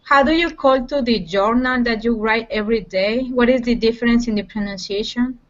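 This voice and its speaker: A woman's voice: on the high side, moderate pace. Hesitant woman asking questions in class. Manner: hesitant, asks careful questions. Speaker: student. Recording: dull lo-fi call audio.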